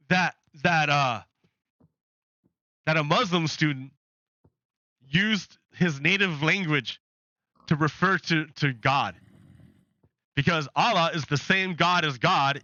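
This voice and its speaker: A man's voice: a little high, pushed and bright, no echo, dull audio. A man giving chatty, sarcastic commentary while playing a game, often restarting sentences. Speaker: gaming channel host.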